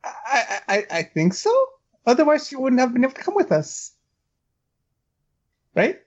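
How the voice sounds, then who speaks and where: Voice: high-pitched, very animated, normal speed, voice pushed up. A player voicing a stammering male adventurer. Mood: unsure. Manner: stammering, hesitant. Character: male adventurer asking for help. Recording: dull, lo-fi mic.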